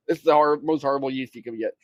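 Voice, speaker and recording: A man's voice: medium pitch, a little fast, darkish tone. A man co-hosting a podcast in casual chat, telling stories and adding practical tips in a dry, matter-of-fact way. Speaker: podcast co-host.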